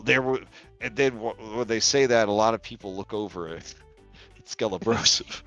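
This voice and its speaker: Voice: medium pitch, moderate pace, fairly bright tone, dull audio, soft background music. A game master casually narrating a tabletop game, laughing often and using lots of fillers.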